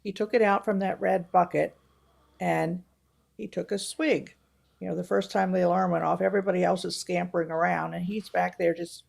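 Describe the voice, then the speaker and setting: A woman co-hosting a casual film review chat, retelling movie scenes with animated storytelling. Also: on the low side, normal speed, creaky. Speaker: podcast co-host.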